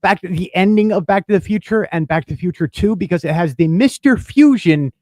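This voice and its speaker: Casting: upbeat male co-host, slightly high voice, dry close mic, casual banter. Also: expressive, fairly quick, a little mellow, no echo. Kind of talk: casual podcast chat.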